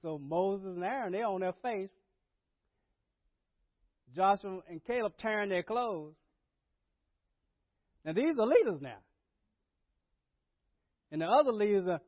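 Male pastor, high, very animated pitch, slow folksy delivery, dull dry recording. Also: no room sound. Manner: folksy preaching, swings from low murmurs to loud dramatic paraphrase. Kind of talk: sermon. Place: church.

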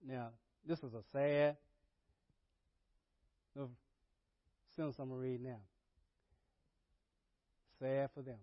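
A man preaching a sermon as pastor, swinging between low murmurs and loud dramatic paraphrase. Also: fairly even intonation, slow, long pauses, dry recording, muffled recording. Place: church.

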